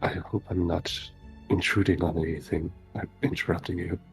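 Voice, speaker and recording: A man voicing his character, a young man shaken by a bad dream, speaking quietly and hesitantly. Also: low voice, little pitch movement, moderate pace, vocal fry, faint music behind. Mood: timid.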